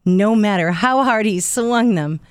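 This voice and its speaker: A woman narrating a children's storybook in a gentle, clear and expressive way. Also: mid-range voice, a little slow, no echo. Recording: dry studio voice.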